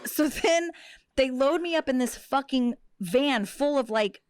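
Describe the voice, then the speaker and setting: Profane, animated middle-aged woman storyteller. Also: sits high, a little slow, clear, resonant tone. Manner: profane, animated, acts out quotes. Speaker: podcast host. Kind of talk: casual storytelling chat.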